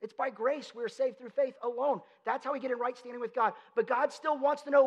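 A man preaches a sermon in a conversational, emphatic way, pressing his listeners with rhetorical questions. His voice sits unusually high for a man. The sound carries a long hall reverb from a church sanctuary. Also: steady tone, brisk, lo-fi sound. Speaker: pastor.

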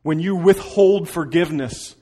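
A man pastor delivering a sermon, telling a story with dramatic swings between loud, pressing lines and hushed, quiet ones. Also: a little high, a little slow.

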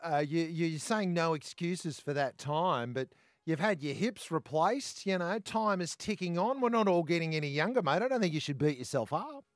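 A man's voice: a little high, expressive, normal speed, no echo, clean studio sound. A man co-hosting a breakfast radio show talks to a guest in a matey, joking and reassuring way. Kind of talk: live radio interview.

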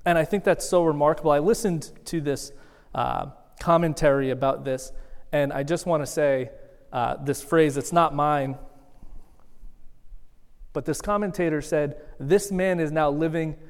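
A man preaching in a big church sanctuary, his fairly high voice carrying a long reverberant tail. He talks conversationally and pokes fun at himself, swinging between soft asides and fuller, emphatic lines. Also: a little slow, clean tone. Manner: conversational, self-deprecating, with lively shifts in loudness. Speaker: guest preacher. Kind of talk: sermon.

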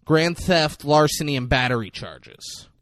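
A young man retelling a movie scene by scene, swearing freely and jumping into the characters' voices. His pitch swings widely as he talks, a bit above the usual for men. The sound is close and dry. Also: a little slow, dry recording. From grew up locally. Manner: animated, profane, acts out characters' lines. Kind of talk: casual chat retelling a movie.

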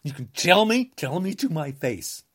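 This American podcaster's angry political rant is combative, full of repeated insults and occasional shouts. His husky voice is fairly high and sing-song, moving at a normal speed.

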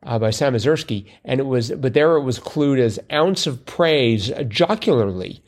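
A man co-hosting a podcast in easygoing conversation. He rambles, restarts his sentences and jokes at his own expense. His voice sits at an ordinary middle pitch. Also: animated, normal speed. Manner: chatty, self-deprecating, lots of fillers and restarts. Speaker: podcast co-host. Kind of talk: casual chat about crosswords.

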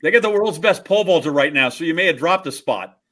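A male podcast host with a bright, forward voice. He jokes through his questions and asides in casual banter, and his pitch sits a little high. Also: expressive, quick pace. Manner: wisecracking, joking asides.

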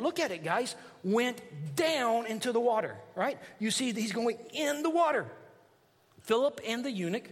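A man preaching a sermon as pastor, reading scripture aloud and adding emphatic asides to the congregation. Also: high-pitched. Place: church sanctuary. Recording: long reverb of a large hall.

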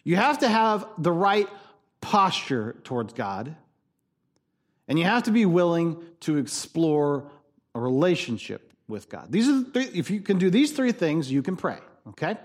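Man, pastor, sermon, conversational, emphatic, slightly high voice. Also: big pitch swings, a little slow. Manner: conversational, emphatic, repeats key points.

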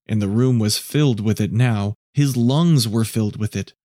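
A man narrating a scripted story in a measured, low-key way. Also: mellow, dry recording, studio quality.

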